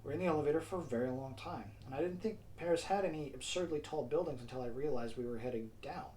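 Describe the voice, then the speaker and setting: A man reading his own audiobook in an even, mid-range voice. He keeps it casual and drops wry asides to the listener, with faint noise under the recording. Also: medium pitch, quick pace, rough recording. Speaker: narrator and author. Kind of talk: self-read audiobook narration.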